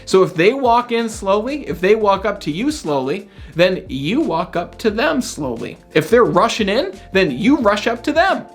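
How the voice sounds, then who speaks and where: An upbeat male motivational speaker whose pitch swings widely as he teaches. His delivery is high-energy and chatty, and he keeps checking that the listener is following with a quick "right?". Soft music plays faintly behind him. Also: very animated. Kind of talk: energetic self-help lesson.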